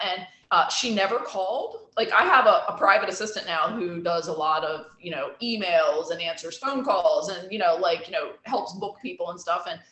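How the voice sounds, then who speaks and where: A woman's voice: medium pitch, a bit bright. A woman who runs a salon, telling stories in a blunt, profane, casual chat. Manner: blunt and profane, storytelling with acted quotes. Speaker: salon owner and esthetician. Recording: roomy echo.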